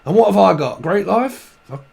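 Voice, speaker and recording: A man's voice: high-pitched, lively intonation, moderate pace, gravelly, a little mellow, breathy edge. A man giving a casual tarot reading, rambling and blunt, swearing freely. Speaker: tarot reader.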